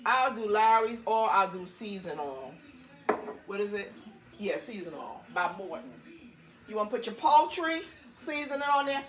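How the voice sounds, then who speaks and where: A woman's voice: mid-range voice, animated, moderate pace, reverberant. A woman vlogger cooking in her home kitchen, chatting playfully to viewers with laughing asides. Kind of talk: casual cooking demonstration.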